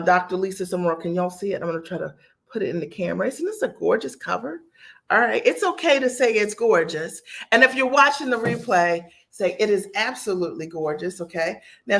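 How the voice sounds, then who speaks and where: A middle-aged woman business coach chatting to viewers in a gushing way while she unboxes a gift in her home office. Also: mid-range voice. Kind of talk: live unboxing video.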